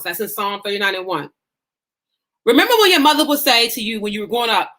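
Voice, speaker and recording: A woman life coach leads a live-streamed lesson in an emphatic, folksy, preacher-like way. Her voice sits a little high and comes across bright and forceful. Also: sing-song, fast. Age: adult mother.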